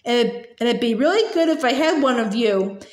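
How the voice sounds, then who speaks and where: Woman voices starstruck young schoolboy, breathless and eager; high, echoey storybook read. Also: expressive, brisk, lightly acted. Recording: roomy echo.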